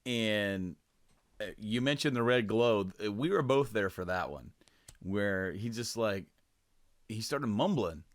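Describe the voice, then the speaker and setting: A man's voice: fairly low pitch, animated, a little slow, no echo, studio quality. A man co-hosting a casual podcast, telling a rambling story with frequent laughs and restarts. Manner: rambling, laughs often, lots of fillers and restarts. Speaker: podcast co-host.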